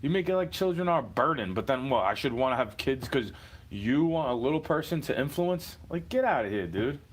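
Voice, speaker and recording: A man's voice: medium pitch, expressive, a little fast. A man ranting on a livestream, sarcastic and profane, mocking the people he argues with. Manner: mocking, mimics opponents. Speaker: livestream host. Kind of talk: unscripted rant. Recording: echoey room, far from mic, faint background ambience.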